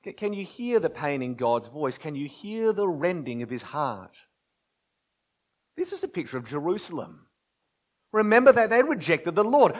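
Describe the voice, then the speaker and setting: A man preaching a sermon, moving between loud impassioned pleading and hushed, almost whispered lines. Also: sits high. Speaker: pastor.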